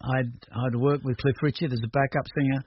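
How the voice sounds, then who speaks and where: A man's voice: medium pitch, flat delivery, a little fast. Older man, musician guest, rambling and hesitant, many restarts, dull radio sound. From Australia. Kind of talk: radio interview. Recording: dull radio recording with faint noise.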